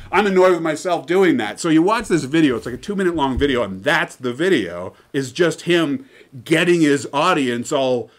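A man's voice: fairly high pitch, lively intonation, normal speed. A man giving an informal lecture in a chatty, digressive way, often checking in with "right?".

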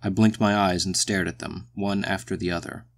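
A man reading a short story aloud in the first person, measured and brooding. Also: low-pitched, fairly even intonation. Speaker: audiobook narrator.

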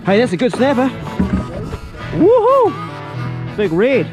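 A man giving excited, encouraging commentary while fishing from a boat, whooping at each catch. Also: sits high, normal speed, music in the background. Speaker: fishing channel host. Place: outdoors on a small fishing boat.

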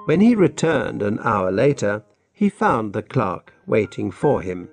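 A man narrating a graded reader story in a slow, clear way for language learners. His pitch rises and falls a lot as he reads. Soft music plays underneath him. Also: sing-song.

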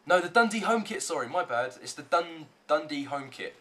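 A young man giving gameplay commentary, muttering low when calm and swearing loudly in bursts of rage at the lag. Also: normal speed. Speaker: gaming YouTuber.

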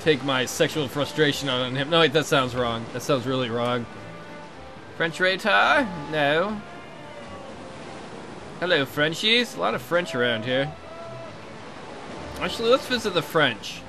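Excitable, swearing young-sounding man gaming. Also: a little high, moderate pace, music in the background. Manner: swears a lot, excitable, sarcastic. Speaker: let's play gamer. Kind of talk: casual gameplay commentary.

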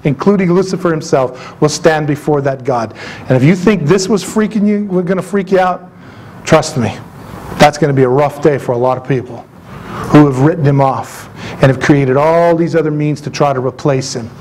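Guy pastor preaching, high voice, real animated and punchy, little hiss behind him. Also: normal speed, poor audio. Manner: animated, emphatic preaching with asides and jokes. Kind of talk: sermon. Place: church sanctuary.

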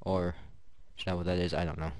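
A gaming YouTuber gives rambling, joking commentary to himself while opening loot in a video game, in casual gameplay talk. His voice sits low and is a little mellow, with a level tone and a slightly fast pace.

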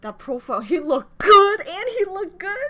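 A woman hosting a casual reaction video, gushing excitedly with gasps and squeals. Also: very high-pitched, normal speed. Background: faint music from the video being watched.

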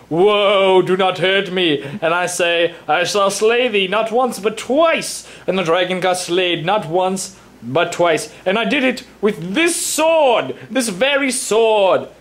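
A man's voice: high voice, a bit bright. A man voicing a boastful, pompous villager with a sword who pretends to be a prince, in a comedy skit. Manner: pompous, fake old-fashioned speech.

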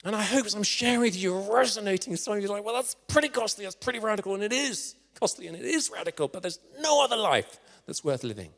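A man's voice: high voice, lively intonation, fast talker, vocal fry, few pauses. A man preaching a sermon with passion, urging listeners to get involved. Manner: impassioned, drops to a hushed whisper for the story's climax. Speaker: guest preacher. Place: church hall. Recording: reverberant church hall.

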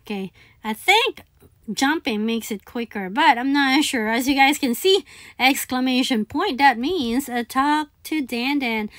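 A woman giving excited gameplay commentary, chanting repeated commands and calling game characters buddy. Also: sits high, normal speed, dry recording, clean studio sound. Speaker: gaming channel host.

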